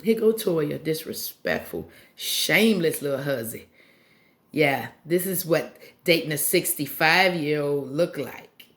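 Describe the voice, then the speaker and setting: A fairly low-pitched woman tearing through a reality TV recap with blunt, animated energy. She swears freely and slips into voices to mimic the people on the show. The talk stays loose and conversational throughout. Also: unhurried. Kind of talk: casual profane show recap.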